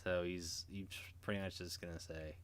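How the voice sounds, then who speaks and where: A man's voice: deep voice, little pitch movement, moderate pace, slight background noise. A man narrating as game master in an online tabletop game, hesitant and full of restarts. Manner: hesitant, many restarts and fillers.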